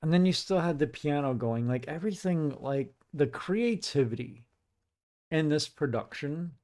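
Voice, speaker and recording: A man giving casual commentary while reacting to music, musing and excitable, with many filler "like"s. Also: on the high side, normal speed. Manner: musing, excitable, says "like" often.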